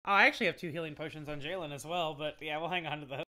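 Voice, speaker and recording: A man playing a tabletop game who mutters quietly to himself while counting. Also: on the high side, rapid-fire. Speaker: player. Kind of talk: casual tabletop game chat.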